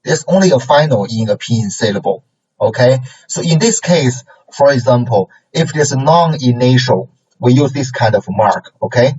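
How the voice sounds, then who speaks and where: A man, lecturing a language class in a halting way, full of fillers and repeated phrases, often checking in with "okay?" and "right?". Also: mid-range voice, animated, darkish tone, husky. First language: Chinese. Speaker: Chinese language teacher. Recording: distant mic, dull lo-fi sound.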